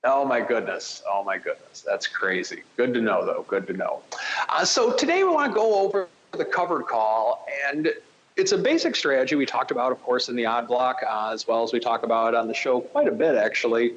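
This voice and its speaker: A man commenting on options trading on a podcast, explaining a strategy in a relaxed, conversational way with frequent "uh" fillers. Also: medium pitch, fairly quick. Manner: lively, conversational teaching with frequent "uh". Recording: dull lo-fi sound with faint hiss.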